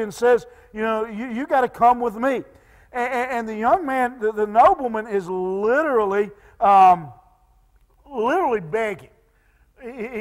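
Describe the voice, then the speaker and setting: A man preaching a sermon as pastor, halting and repeating words with many fillers, dropping to soft pleading tones when quoting. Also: extremely high pitch. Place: church sanctuary. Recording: long church reverb.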